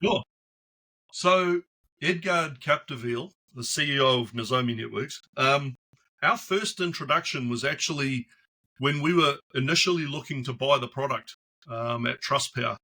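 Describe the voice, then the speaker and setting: A man's voice: medium pitch, normal speed. A man guesting on a podcast, telling stories casually and acting out the voices of people in his anecdotes. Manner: chatty, animated, acts out voices in anecdotes. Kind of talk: casual storytelling interview.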